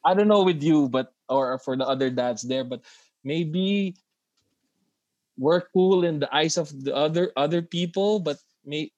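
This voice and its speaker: A man who is a father of daughters, co-hosting a casual podcast chat and talking in halting bursts with many restarts and self-conscious laughs. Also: fairly high pitch, a little mellow, no room sound, lo-fi sound. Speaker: podcast co-host.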